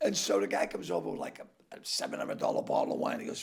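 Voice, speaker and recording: An older man with a raspy, gravelly voice, telling stories loudly, laughing and acting out the people in them. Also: sits low, big pitch swings, fast talker, few pauses. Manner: loud, laughing, acts out voices in his stories. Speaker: comedian guest. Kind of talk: animated storytelling.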